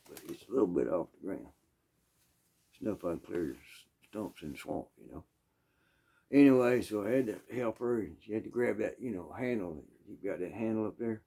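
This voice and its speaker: A man with a Southern US accent telling a rambling, folksy story full of asides and throat-clearing. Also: lowish voice, mellow. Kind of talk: casual storytelling.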